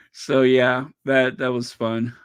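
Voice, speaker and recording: An American man with an African American accent, chatting casually and rambling excitedly while pausing to recall details. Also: mid-range voice, smooth. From United States. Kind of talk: casual chat.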